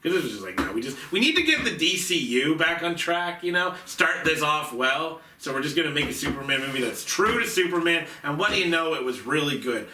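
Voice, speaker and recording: A man's voice: a little high, very animated, fairly quick, few pauses, bright, forceful tone, slight background noise. A man co-hosting a movie podcast, chatting casually about films in a rambling way full of fillers. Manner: rambling, filler-heavy, restarts often. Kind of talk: casual film review chat. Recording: echoey room, mic at a distance.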